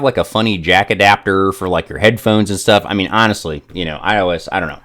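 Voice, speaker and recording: A man's voice: low-pitched, brisk, fairly bright tone. A man hosting a casual gaming live stream, joking and rambling with lots of fillers.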